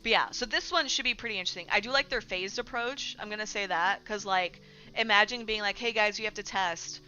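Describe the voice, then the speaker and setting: Young woman streamer, bright voice, sweary ranting chat, slightly dull audio, faint music behind. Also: fairly quick. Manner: profane, ranting, talks to chat, mocks gamers in silly high voices. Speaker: streamer discussing game news. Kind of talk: casual livestream chat.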